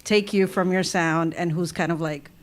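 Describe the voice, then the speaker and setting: A woman's voice: lowish voice, steady tone, normal speed. A woman from the audience asking the hosts a question, hesitant and full of fillers.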